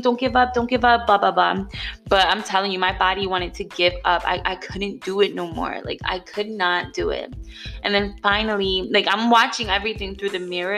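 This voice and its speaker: A woman's voice: medium pitch, gravelly, pushed and bright. A young woman casually telling her birth story, chatty and blunt, full of slang and "like".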